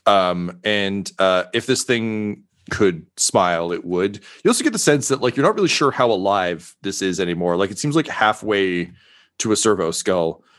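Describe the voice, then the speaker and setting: A man's voice: on the low side, animated, normal speed, fairly bright tone. A young adult man narrating as game master, loose and full of hesitations. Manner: full of fillers and restarts.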